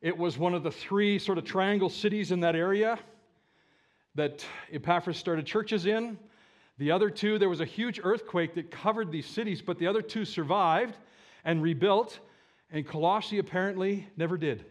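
A male pastor preaching a sermon to his congregation, swinging from loud, emphatic calls to low, quiet asides. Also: normal speed. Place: church sanctuary with a live congregation.

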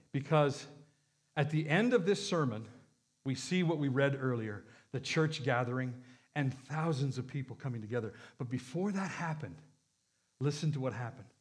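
A man preaching a sermon, emphatic and full of rhetorical questions. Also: medium pitch. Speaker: pastor.

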